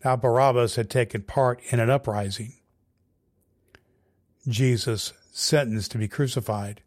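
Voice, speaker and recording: A man's voice: mid-range voice, steady tone, a little slow. Man reading scripture. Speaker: pastor.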